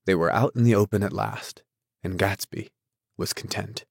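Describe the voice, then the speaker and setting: A man reads a novel aloud in a deep, measured voice. The recording is close and dry, with no room sound. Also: steady tone, gravelly, slightly rough, dry recording. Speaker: audiobook narrator. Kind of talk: scripted novel narration.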